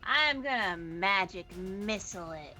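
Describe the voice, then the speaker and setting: A woman's voice: medium pitch, animated, a little slow, pushed and bright, soft background music. A woman playing in a tabletop game, talking in a playful, cutesy way. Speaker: player. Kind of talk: casual tabletop play.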